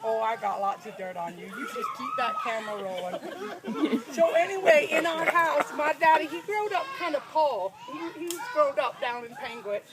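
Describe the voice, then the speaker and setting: A woman's voice: sits high, moderate pace, a loud crowd, lightly acted. A woman playing a folksy, plainspoken rural storyteller, telling a comic tale with drawling, giggling asides. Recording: noisy recording.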